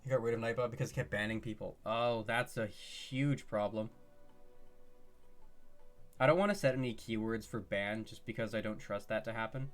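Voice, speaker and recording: A man streaming live, chatting casually with his viewers in an excitable way, laughing often and firing off questions. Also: fairly low pitch.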